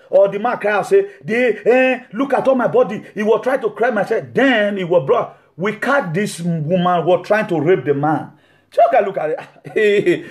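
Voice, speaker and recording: High-voiced preacher, animated. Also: male voice. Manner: animated, swings from laughing asides to shouted rebukes. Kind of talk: sermon.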